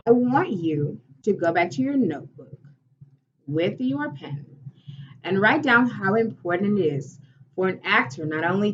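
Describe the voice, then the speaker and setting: A woman theatre teacher giving a lesson in a slow, deliberate, instructive way. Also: medium pitch, sing-song. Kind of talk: recorded classroom lesson. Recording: dull, distant recording with faint hiss.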